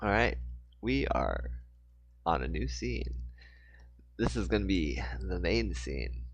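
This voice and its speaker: A man's voice: low voice, big pitch swings, takes it slowly, creaky, no room sound. A man reading his own book aloud in a casual way, breaking off for rambling, jokey asides.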